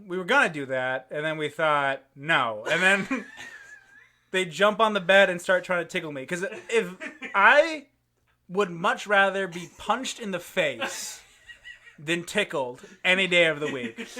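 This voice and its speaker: A young man, a podcast host, telling a story in casual chat and laughing often as he goes. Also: high-pitched. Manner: animated, laughs often while telling stories.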